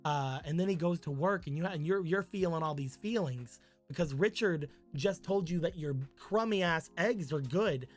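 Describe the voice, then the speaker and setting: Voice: mid-range voice, normal speed, soft background music. A streamer casually telling a rambling, crude made-up story on a live stream, with many "like"s.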